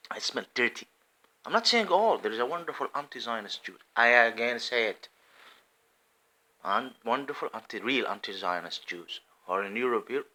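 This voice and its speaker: A man delivers a passionate religious monologue in a bright, forward voice. His pitch leaps widely as he stresses points. He swings between forceful outbursts and low, hushed asides. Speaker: religious commentator. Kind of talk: impassioned monologue.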